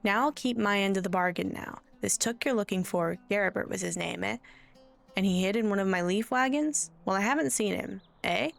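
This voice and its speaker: A woman's voice: mid-range voice, fairly quick, vocal fry, faint music behind, natural voice. A woman voicing a shifty hobbit leaf trader who talks evasively and curtly, tagging lines with "eh". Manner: evasive, dismissive, drops tag "eh".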